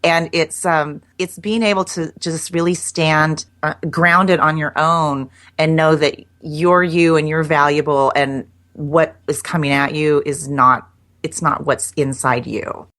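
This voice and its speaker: A woman's voice: low-pitched, steady tone, measured pace, fairly bright tone. A middle-aged woman guest chatting casually in an interview, laughing often and restarting her sentences. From United States.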